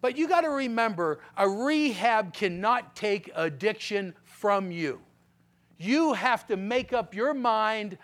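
Speaking slowly, a folksy, high-voiced guest speaker from Pennsylvania shares his testimony in a storytelling sermon. He's animated, swinging between loud punchlines and low grave tones, and addresses the audience directly with "okay?".

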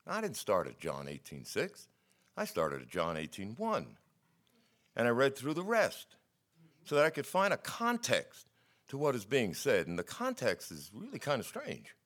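A middle-aged man preaching a sermon, telling stories in a wry, skeptical, animated way. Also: mid-range voice, normal speed.

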